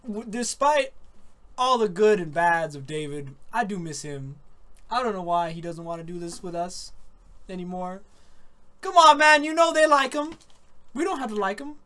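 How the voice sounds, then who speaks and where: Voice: mid-range voice, lively intonation, moderate pace, bright, forceful tone. A podcast host chatting casually about an anime, rambling and laughing often. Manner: rambling, laughs often, says dude and man.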